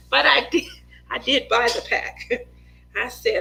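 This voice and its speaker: A middle-aged woman hosting a craft chat, telling family stories in a lively way with lots of laughter and acted-out voices. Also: fairly high pitch, slow pace, gravelly, pauses often, low-quality recording. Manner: animated storyteller, acts out voices, laughs often. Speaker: craft livestream host. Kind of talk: casual chat while crafting.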